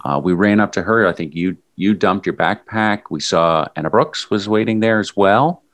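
A man's voice: low voice, moderate pace. A man in casual conversation, animatedly recounting a long run with his friend. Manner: animated storyteller, mimics shouting.

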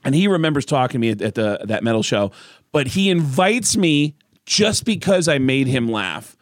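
A man's voice: mid-range voice, normal speed, dry recording, studio quality. A man, a stand-up comedian, telling an anecdote on a podcast and acting out the voices of the people in it. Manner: animated storyteller, acts out voices.

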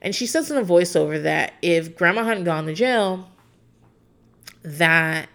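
Chatty woman with a gravelly voice. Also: on the low side, animated, a little slow, a bit bright. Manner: chatty, rambling, opinionated, with frequent fillers. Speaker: podcast host recapping a reality show. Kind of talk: casual chat.

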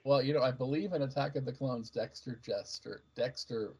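A man's voice: mid-range voice, moderate pace, a little mellow, breathy edge. A man co-hosting a casual podcast, chatting about trivia, on a muffled recording. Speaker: podcast co-host. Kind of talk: casual recap chat.

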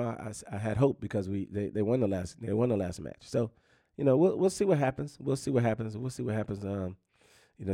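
A man with a low, gravelly voice runs through the day's sports news in a loose, casual chat. He circles back and repeats phrases, padding his talk with constant fillers. The sound is close and dry, with no room around it. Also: warm tone, no room sound. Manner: rambling, repeats phrases, many "you know what I'm saying" fillers.

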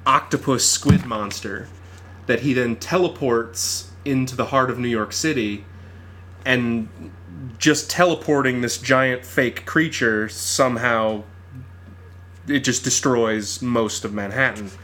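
A man's voice: medium pitch, slow. A man co-hosting a casual podcast, talking about films with enthusiasm. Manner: enthusiastic, animated film talk. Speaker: podcast co-host. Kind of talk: casual chat.

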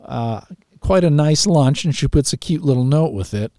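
A man's voice: on the high side, lively intonation, normal speed, mellow, dry recording, studio quality. A man hosting a call-in radio talk show, chatty, laughing often and restarting his phrases.

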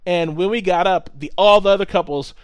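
A man telling a story in casual chat, animated, swearing often and acting out what people said. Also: high-pitched, a little fast, smooth, dry recording.

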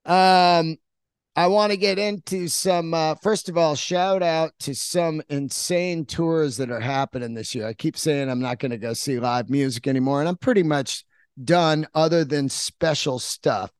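A man's voice: a little high, measured pace, clean tone, no echo, studio quality. A middle-aged man telling a rambling, profane story in a casual monologue as a podcast host.

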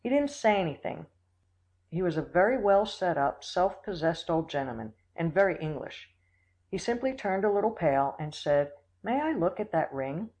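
An audiobook reader narrating a classic story in a steady, measured way. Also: mid-range voice, poor audio. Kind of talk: scripted narration.

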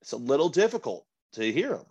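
A man's voice: medium pitch, sing-song, fast, darkish tone, slightly rough, dull audio. A man in casual chat, blunt and profane, often restarting his sentences.

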